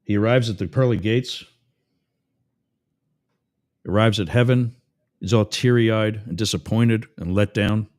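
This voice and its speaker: A man hosting a talk radio show, ranting with sarcasm and telling jokes in an animated way. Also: lowish voice, unhurried, long pauses. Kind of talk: talk radio monologue with a live-read ad.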